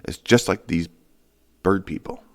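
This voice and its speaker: A man's voice: low voice, unhurried. A man hosting a podcast, ranting in a casual, sarcastic and profane way, rambling with lots of fillers. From Michigan, USA. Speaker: podcast host. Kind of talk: casual solo rant.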